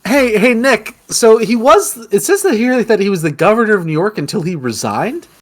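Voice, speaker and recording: A man's voice: high voice, moderate pace. A young man co-hosting a casual comedic podcast chat, laughing often and breaking into exaggerated outbursts. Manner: animated, laughs a lot, jumps into mock outbursts. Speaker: podcast co-host.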